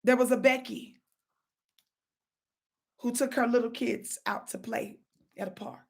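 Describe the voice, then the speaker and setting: A woman hosting a live stream, telling a story to viewers in an animated, preachy call-and-response style. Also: fairly high pitch, measured pace, creaky. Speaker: livestream host. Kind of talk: casual livestream storytelling.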